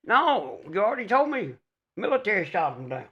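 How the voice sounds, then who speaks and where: A man's voice: high voice, big pitch swings, brisk, lo-fi sound. A middle-aged man, co-hosting a podcast with his son and teasing him with dry, folksy jokes. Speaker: podcast co-host, father. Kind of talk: casual chat.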